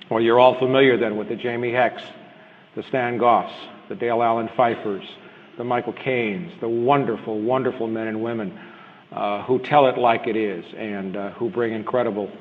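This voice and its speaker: A middle-aged man lecturing to a live crowd in a blunt, conversational way, often turning to the listeners with rhetorical questions. His voice sits at an ordinary pitch. The sound is thin and narrow like a phone line, with a long echo from a large hall. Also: slight background noise. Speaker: lecturer addressing a live audience.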